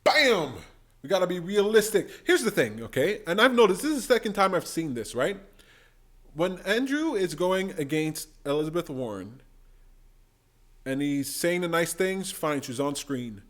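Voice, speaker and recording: A man vlogger giving excited, gushing commentary on debate clips, often mimicking the people he talks about. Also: high-pitched, normal speed. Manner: animated and gushing, mimicking voices.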